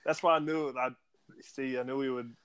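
A man's voice: medium pitch, fairly even intonation, normal speed, a bit bright, clean tone. A man co-hosting a casual podcast, joking and teasing with frequent laughs. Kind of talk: casual chat.

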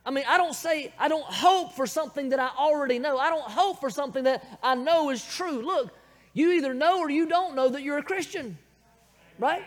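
A man with a Southern American accent preaches in a strikingly high voice, calling "Amen?" out to his congregation. His words ring out with a long reverb, as in a big church hall. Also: brisk. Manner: calls out "Amen?" to the congregation, chuckles between points. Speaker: pastor. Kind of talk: sermon.

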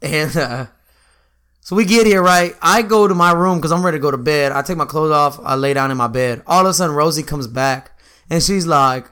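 A young man chatting casually, telling animated stories with lots of laughing and swearing. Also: on the high side, moderate pace, smooth. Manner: animated storyteller, laughs often, swears freely. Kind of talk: casual chat.

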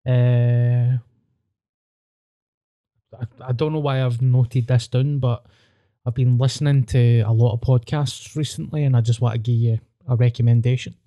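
A man's voice: medium pitch, fairly even intonation, unhurried, warm tone. A Scottish man telling stories in a laid-back way as host of a casual podcast.

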